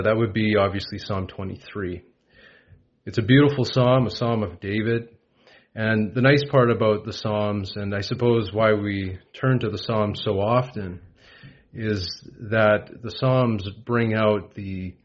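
A man preaching a gentle devotional Bible talk, unhurried, with frequent pauses and fillers. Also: on the low side. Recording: dull lo-fi recording.

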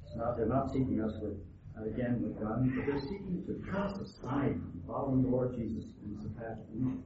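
Guy preaching a sermon, earnest, stops and restarts a lot, echoey far-off lo-fi recording. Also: medium pitch. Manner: earnest, halting with repeated restarts. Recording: echoey, distant, phone-like, noisy.

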